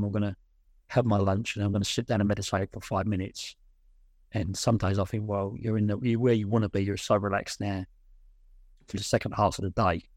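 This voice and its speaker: A man's voice: fairly low pitch, a little mellow, dry recording, clean studio sound. A man, a coaching client, telling anecdotes in a rambling way with many restarts. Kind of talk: casual chat on a call.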